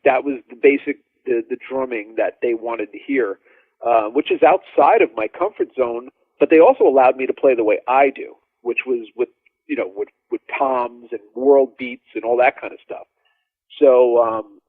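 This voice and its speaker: A man, a drummer guest, telling studio stories in a rambling, animated way and acting out what others said. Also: medium pitch, no echo. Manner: animated, rambling, acts out quoted dialogue. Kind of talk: casual storytelling interview. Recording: dry tinny phone-like line.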